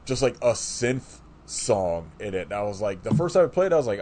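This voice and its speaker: A man with a very low, deep voice talks through a film in loose, casual podcast chat. He rambles, with "like" every few words, and keeps restarting his sentences. A faint hiss sits under the recording. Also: sing-song, moderate pace, few pauses, darkish tone. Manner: rambling, full of "like" fillers and restarts. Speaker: podcast co-host. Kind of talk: casual chat reviewing a movie.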